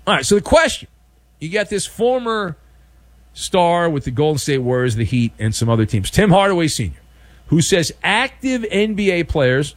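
A man's voice: high voice, no room sound. A man hosting a sports talk show, delivering a sarcastic, opinionated monologue and acting out mock exchanges. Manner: animated, sarcastic, acts out mock dialogue.

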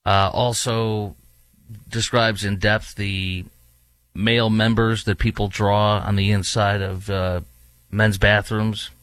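A man's voice: fairly low pitch, flat delivery, slow pace, a bit bright, clear, resonant tone, dry recording. A man hosting his own talk show, delivering a heated, emphatic opinion monologue with many fillers. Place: studio in a large US city.

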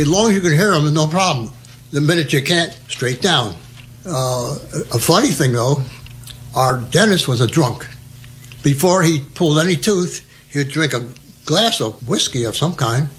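A man's voice: on the high side, lively intonation, normal speed, slight background noise. A man in his nineties from New Jersey, telling rambling oral-history war stories with chuckles and restarts. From New Jersey, USA. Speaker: war veteran interviewee.

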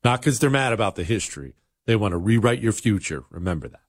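A man's voice: fairly low pitch, animated, quick pace, very noisy. A man hosting a talk radio show, speaking bluntly and emphatically in a conversational way.

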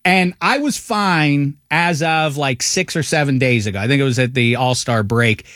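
A man's voice: mid-range voice, moderate pace, fairly bright tone, dry recording, clean studio sound. A man guesting on a sports talk show over a headset, joking in grand, playful phrasing in casual chat.

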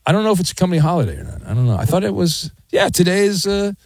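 A man's voice: high voice, very animated, rapid-fire, dry recording. A male radio talk show host, sarcastic and joking while taking calls in a studio. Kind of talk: casual sports talk radio.

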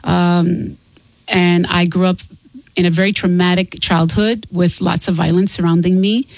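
A middle-aged woman speaking candidly and earnestly as an interview guest, quick to laugh. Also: fairly low pitch, level tone, darkish tone, dry recording, poor audio. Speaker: guest author and singer. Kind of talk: casual interview talk.

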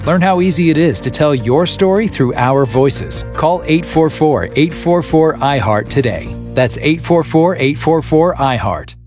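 A man reading a radio advertisement in a smooth, persuasive manner. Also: a little high, animated, a little slow, darkish tone, faint music behind. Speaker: ad announcer. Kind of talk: read radio ad.

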